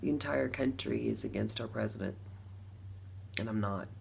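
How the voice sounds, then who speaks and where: A middle-aged woman from Las Vegas telling a personal story to camera, animated, with bursts of laughter between lines. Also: a bass voice, moderate pace, vocal fry, slight background noise. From Las Vegas, USA. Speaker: vlogger.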